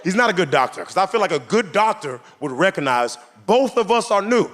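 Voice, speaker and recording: A young man doing a stand-up comedy routine, telling a story with animated delivery and acted-out voices on a club stage. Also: sits high, fairly quick. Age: 20s.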